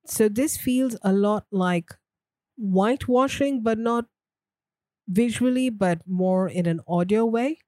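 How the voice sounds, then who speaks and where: A woman's voice: medium pitch, slow, a little mellow, no room sound, clean studio sound. A woman co-hosting a podcast in casual chat, talking thoughtfully and laughing easily. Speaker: podcast co-host.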